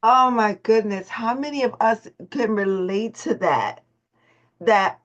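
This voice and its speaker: A woman's voice: a little high, takes it slowly. A woman leading a motivational morning call, emphatic and repeating her phrases. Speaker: host and voice coach. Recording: dull lo-fi call audio.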